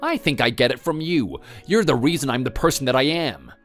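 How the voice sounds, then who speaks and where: Resentful son, accusing tone, mid-range pitch; actor. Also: male voice, lively intonation, fairly quick, a bit bright, soft background music, lightly acted. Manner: defensive, accusing. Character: resentful grown son who blames his mother. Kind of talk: scripted text-story drama.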